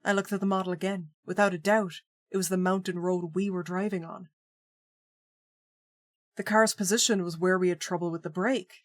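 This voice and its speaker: A woman's voice: on the low side, normal speed, no room sound, close to an everyday voice. Woman reading an earnest young man narrating. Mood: uneasy. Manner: steady, earnest first-person narration. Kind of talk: reading a visual novel aloud.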